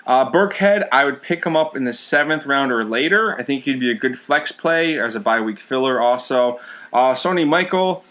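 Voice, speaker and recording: A man co-hosting a podcast in casual chat, relaxed and stumbling through fillers. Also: medium pitch, moderate pace. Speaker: podcast co-host.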